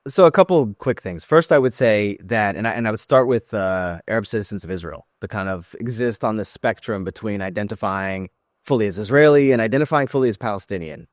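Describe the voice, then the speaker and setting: A man's voice: lowish voice, brisk, dry recording, clean studio sound. A man speaking as a podcast guest in an earnest, thoughtful way, often restarting his sentences. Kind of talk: conversational interview.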